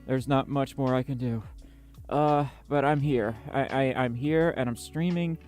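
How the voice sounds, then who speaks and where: A woman's voice: very deep voice, measured pace, darkish tone, faint music behind. A woman hosting a casual livestream, chatting with viewers and reading their messages in a tired, scattered way, laughing often. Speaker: livestream host.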